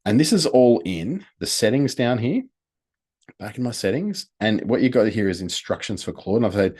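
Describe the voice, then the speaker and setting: A man's voice: on the low side, expressive, normal speed, darkish tone, slightly rough. A man casually talking through a screen-share tutorial, explaining step by step and counting items aloud. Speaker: presenter.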